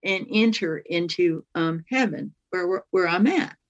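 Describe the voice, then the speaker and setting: A woman doing her calm late mother. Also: lowish voice, a little slow, highs cut off. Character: calm, patient mother speaking from beyond.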